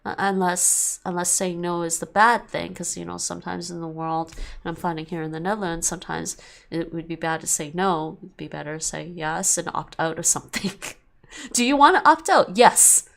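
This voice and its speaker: Rambling woman with vocal fry. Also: lowish voice, little pitch movement, a little fast, fairly bright tone. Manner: rambling, repeats herself, laughs often. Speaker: streamer. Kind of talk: casual end-of-stream chat.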